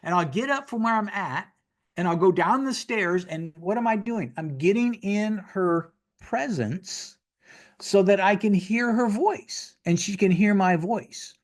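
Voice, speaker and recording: A guest minister in his sixties teaches from his home office over a video call, preaching in a folksy, conversational way and repeating phrases for emphasis. His voice sits high and is expressive, at a measured pace.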